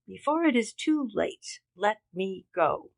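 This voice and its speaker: A woman's voice: medium pitch, very animated, slow, creaky, heavily acted. A woman reading the part of a young orphan woman who defies her captors in a hysterical outpouring. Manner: defiant, hysterical.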